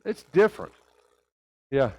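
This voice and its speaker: A man's voice: medium pitch, sing-song, unhurried, husky, low-quality recording. A man teaching a church Bible class, asking rhetorical questions and often checking in with "right?".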